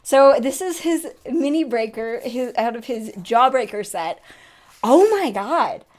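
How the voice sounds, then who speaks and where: A young woman in a casual makeup unboxing vlog, chatty and excitable, often gasping and laughing. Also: on the high side, a little slow. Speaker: beauty vlogger.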